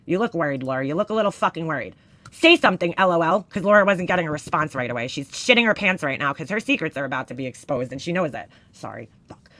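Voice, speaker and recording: A woman reading screenshots aloud in casual commentary, profane and exasperated, giving the quoted lines loud emphasis. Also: low voice, animated, fast talker, no room sound.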